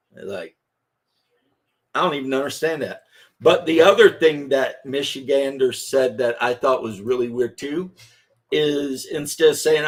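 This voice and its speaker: A man's voice: mid-range voice, moderate pace. A man in his fifties from Kentucky, hosting a casual chat while crafting and telling rambling anecdotes.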